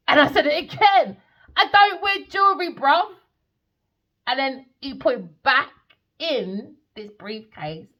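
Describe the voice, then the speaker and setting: A woman who reads tarot, telling dream stories in a blunt, animated way and swearing freely. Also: mid-range voice, low-quality recording. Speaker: tarot reader. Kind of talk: casual storytelling monologue.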